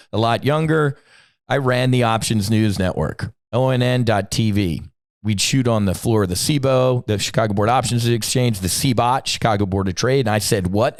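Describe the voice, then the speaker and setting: A man's voice: medium pitch, creaky, no room sound, studio quality. Blunt, profane man ranting. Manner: blunt, profane and combative, with sudden emphatic bursts. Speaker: podcast host. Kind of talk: opinionated podcast rant.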